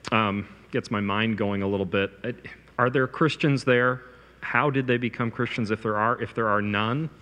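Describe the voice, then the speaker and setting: A man in the audience asks a question, hesitating as he works it out aloud. His voice is somewhat low. He sounds picked up in a long-reverb hall. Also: steady tone, normal speed, bright, forceful tone. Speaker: audience member asking a question. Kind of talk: question from the floor.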